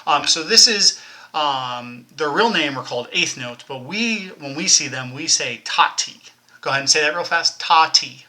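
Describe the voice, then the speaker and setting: A man's voice: a little high, animated, normal speed, bright, forceful tone. A man teaching a recorded elementary music lesson, encouraging young children, counting them in and chanting rhythm syllables.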